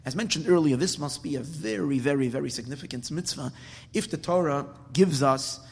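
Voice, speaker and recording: Man, rabbi, religious lecture, enthusiastic, somewhat high voice, long hall reverb. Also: fairly quick, darkish tone, breathy edge. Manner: enthusiastic, rambling with restarts. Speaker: rabbi teaching a Torah class.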